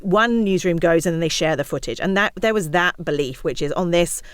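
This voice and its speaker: A woman, a misinformation researcher, talking as a podcast guest, lively and often acting out other people's words. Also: on the low side, fairly quick, clean tone, no room sound. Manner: animated, acts out quotes of others. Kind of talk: podcast conversation.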